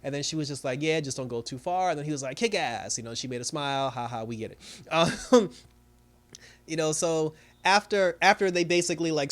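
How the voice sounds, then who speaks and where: A man giving a casual recap of a TV episode, rambling along with many fillers. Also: a little high. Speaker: TV show reviewer.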